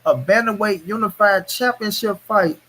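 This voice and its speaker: A man with a high-pitched voice hosts a casual boxing live stream. He rants heatedly and swears constantly as he complains about fight start times. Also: normal speed, fairly bright tone. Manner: profane, heated ranting. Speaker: host of a boxing talk stream.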